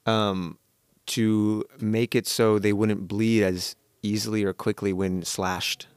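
A man's voice: lowish voice, level tone, slow pace, smooth, no echo, studio quality. A man in his forties co-hosting a podcast, chatting casually with rambling enthusiasm. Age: 40s. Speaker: podcast co-host. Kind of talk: casual chat.

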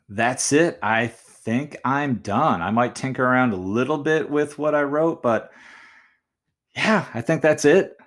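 Man, lowish voice, podcast host, chatty writing coach, muses aloud, encouraging. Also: fairly bright tone. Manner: chatty and encouraging, addresses listeners as folks; muses aloud, weighing options with questions. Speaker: movie essay podcast host. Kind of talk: thinking-aloud writing tutorial.

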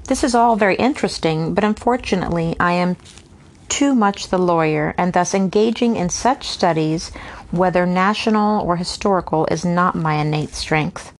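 A woman reading a classic novel aloud in a casual, unpolished way, tripping over difficult names and breaking off now and then for her own remarks. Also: lowish voice. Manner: reads steadily, stumbles on hard names and pauses for unscripted asides. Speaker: reader.

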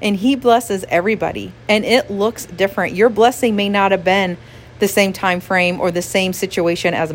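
A woman's voice: medium pitch, slight background noise. Emotional, earnest woman giving a devotional talk. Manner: emotional, earnest, frequent laughs and "like" fillers. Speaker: pastor's wife.

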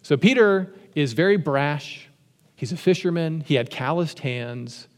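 A man's voice: a little high, expressive, a little slow, in a large hall. A man preaching a sermon in a conversational way, often asking his listeners questions and acting out the people he quotes. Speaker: pastor.

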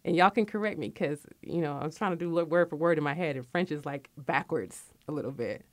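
On a casual radio interview, a woman in her forties from Connecticut, USA, talks as a guest author, reflective and full of stories. She speaks fairly quickly in a low-pitched voice, with no echo.

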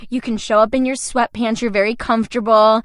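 A woman's voice: on the high side, steady tone, a little fast, dry recording, clean studio sound. A young woman in her twenties, a voice actor telling stories in a casual interview, chatty and often laughing. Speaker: voice actor guest.

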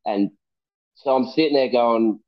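Swearing Aussie bloke telling yarns. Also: male voice, mid-range voice, measured pace. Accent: Australian. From Australia. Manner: swears freely, laughs through anecdotes. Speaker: podcast guest. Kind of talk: casual storytelling chat. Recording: dull lo-fi audio.

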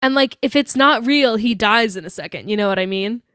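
A woman co-hosting a podcast, recapping a movie in casual chat, animated and laughing, with frequent swearing and filler words. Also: on the high side, brisk, no echo, clean studio sound. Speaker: podcast co-host.

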